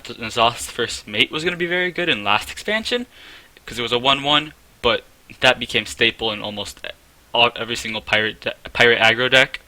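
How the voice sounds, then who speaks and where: Male card reviewer, chatty and self-correcting, sharp bright tone. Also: medium pitch, no room sound. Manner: chatty, self-correcting, rates things out of ten. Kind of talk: casual game card review.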